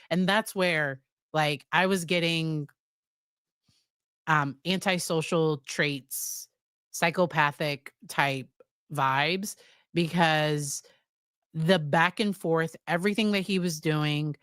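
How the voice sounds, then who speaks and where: A woman's voice: low-pitched, takes it slowly, fairly bright tone, clean tone, no echo, studio quality. An American woman psychologist casually recapping a series, chatty, with fillers and quoted lines. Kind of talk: casual spoken review.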